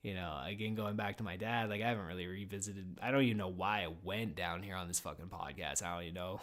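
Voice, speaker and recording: Bright-voiced sweary podcast host man. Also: on the low side, fairly quick. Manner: rambling, heavy swearing, lots of fillers. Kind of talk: casual podcast chat. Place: small home office.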